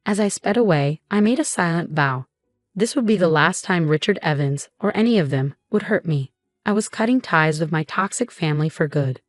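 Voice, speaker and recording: A woman narrating a first-person story in an even, measured reading voice. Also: lowish voice, no room sound, clean studio sound.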